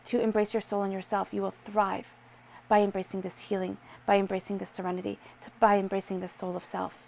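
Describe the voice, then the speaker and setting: A woman's voice: medium pitch, level tone, brisk, vocal fry, a little mellow, slight background noise. A woman talks the listener through a tarot spread. She speaks in an earnest, reassuring way and addresses the listener directly. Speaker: tarot reader. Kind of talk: tarot reading to camera.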